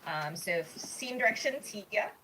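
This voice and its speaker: A woman's voice: mid-range voice, animated, unhurried, sharp tone, a little hiss or hum, poor audio. A woman hosting a live script reading over a video call, chatty and upbeat, with plenty of fillers. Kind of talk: hosting a live table read.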